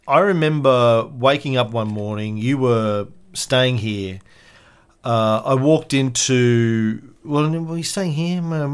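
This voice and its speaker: Male podcast host, conversational storyteller, quick and loose delivery. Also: medium pitch, clear, resonant tone. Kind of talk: casual podcast chat.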